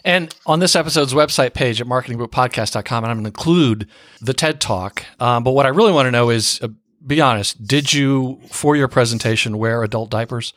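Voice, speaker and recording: A man's voice: medium pitch, a little fast, a bit bright, no room sound, clean studio sound. A man hosting an interview podcast, asking questions in a playful, joking manner. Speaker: podcast host. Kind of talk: conversational interview.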